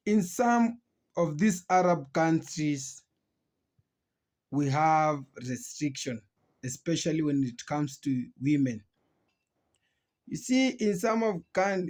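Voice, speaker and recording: Slow, higher-voiced male reaction host. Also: a little mellow. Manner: slow, repetitive, restating points. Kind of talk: reaction commentary.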